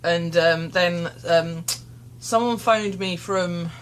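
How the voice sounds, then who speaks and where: Speaking slowly into her phone camera, a young woman records a candid confessional vlog in which she rambles, mocks herself, and sounds tearful and shaken. Her voice sits fairly low in pitch, with a little hiss or hum.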